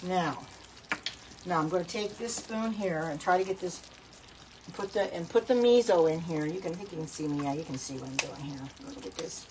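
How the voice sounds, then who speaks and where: Over a noisy background, a middle-aged woman speaks fairly quickly in a fairly low voice while cooking at her home stove. Addressing her viewers in this casual cooking vlog, she rambles and keeps correcting herself.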